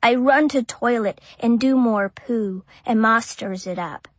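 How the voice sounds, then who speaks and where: A woman's voice: fairly high pitch, slow pace, hardly any pauses, slightly rough, dry recording. A woman reading an audiobook in first person as a small child, with simple childlike phrasing. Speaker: audiobook narrator.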